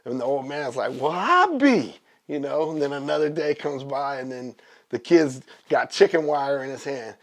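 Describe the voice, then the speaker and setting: A man guesting on a comedy talk show, telling rambling jokes in a deadpan, drawling way. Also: medium pitch, normal speed. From Northern California.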